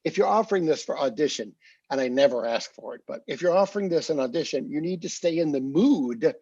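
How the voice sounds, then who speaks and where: A man gives feedback to an opera singer in a master class. His voice is husky and a little high, and he talks in a chatty way with fillers, breaking into short sung phrases. The recording sounds dull and lo-fi. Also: darkish tone. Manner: chatty, sings phrases to demonstrate, many fillers.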